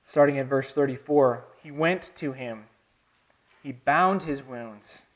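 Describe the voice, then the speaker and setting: A Southern American man preaching a sermon in an even, mid-pitched voice. He talks earnestly, dropping to near-quiet reflection and then building to emphatic, rising declarations. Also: slow pace. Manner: earnest, dramatic swings between soft and emphatic. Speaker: pastor.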